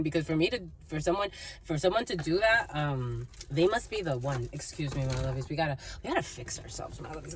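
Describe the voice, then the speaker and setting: A woman with a somewhat low voice drifts through a channeled tarot reading, free-associating and calling her listeners "my lovies". She keeps breaking into little snatches of song and laughter. A faint noise sits under the recording. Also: animated, brisk. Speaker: tarot reader.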